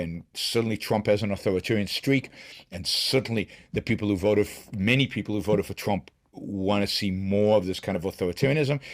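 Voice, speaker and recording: A middle-aged man hosting a solo political commentary show, talking emphatically with frequent restarts and repeated words. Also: on the low side. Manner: emphatic, with many restarts and repetitions. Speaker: show host.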